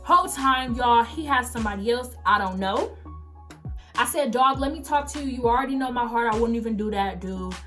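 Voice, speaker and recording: Animated young woman telling a story. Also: on the high side, a little fast, soft background music. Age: late teens. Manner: animated, emphatic storytelling, acting out quoted texts. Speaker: vlogger. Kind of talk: story time vlog.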